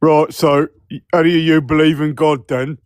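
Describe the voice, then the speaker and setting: A man's voice: on the high side, flat delivery, normal speed, smooth, no echo. A man hosting a live stream panel, teasing guests with dry irony in casual banter.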